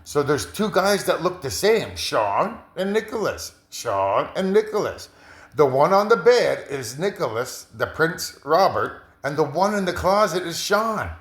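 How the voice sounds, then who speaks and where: A man's voice: fairly high pitch, sing-song, unhurried, few pauses. A man rambling through a casual monologue, repeating himself and restarting his sentences. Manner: repetitive, full of restarts and fillers. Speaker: vlogger interpreting a viewer's video. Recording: roomy echo.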